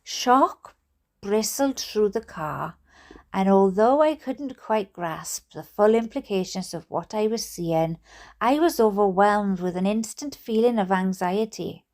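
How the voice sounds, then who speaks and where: A Welsh woman reading a book aloud in an expressive, playful way. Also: medium pitch, a little slow. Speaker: storyteller.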